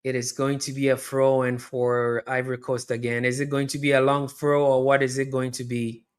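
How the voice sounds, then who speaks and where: A man with a smooth, medium-pitched voice talks at normal speed while hosting a live match watch-along. He chats with his viewers directly, repeats himself, and erupts into loud, excited shouting at every near miss.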